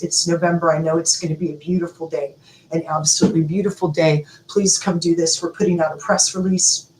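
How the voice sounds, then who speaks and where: A woman's voice: lowish voice, roomy sound, a little hiss or hum, poor audio. A woman in an impassioned, profane rant, repeating her words for emphasis as she calls for justice. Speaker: advocate calling for justice. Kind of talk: impassioned direct-to-camera rant.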